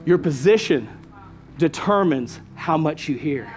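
With a slightly high, expressive voice and an unhurried pace, a man preaches a sermon over faint background music. As pastor, he drives his message home emphatically, repeating key lines and addressing the congregation directly.

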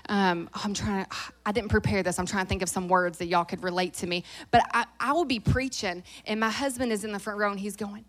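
A woman in her thirties with a Southern accent preaches a sermon. She talks fast and jokes with the crowd. When she prays, her voice goes hushed. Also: mid-range voice. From American South. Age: 30s. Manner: lively, joking, fast-talking; drops to a hushed voice in prayer. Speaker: guest preacher.

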